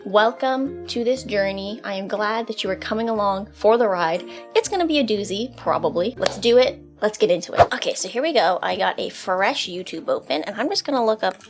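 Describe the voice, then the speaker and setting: A woman's voice: mid-range voice, expressive, brisk, faint music behind. A young Canadian woman hosting a comedic vlog, joking and teasing herself about her skills. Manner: playful and self-mocking, laughs at herself. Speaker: YouTuber.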